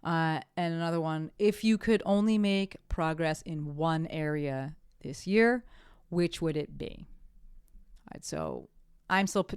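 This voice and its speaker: On her casual solo podcast, a low-voiced woman with a clean tone talks in a breezy, upbeat way, catching and correcting herself mid-sentence. She ends cheerfully, and the recording is dry and studio quality.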